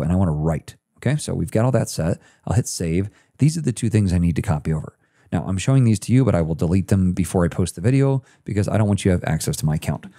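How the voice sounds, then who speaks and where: Low, quick male tutorial host, mellow tone, walks through code step by step. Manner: casual step-by-step walkthrough. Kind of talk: screen-share coding tutorial.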